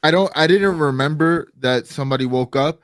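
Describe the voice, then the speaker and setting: A man's voice: fairly high pitch, a little fast, no echo, studio quality. A man co-hosting a reaction show, chatting in a laid-back, casual way. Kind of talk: casual chat.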